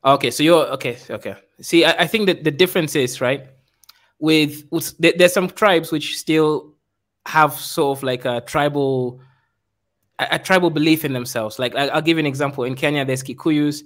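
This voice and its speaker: A man with a somewhat high voice steering a casual discussion. He asks pointed, wry questions and gives examples at an easy pace. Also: moderate pace, a bit bright. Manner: quizzing, wry.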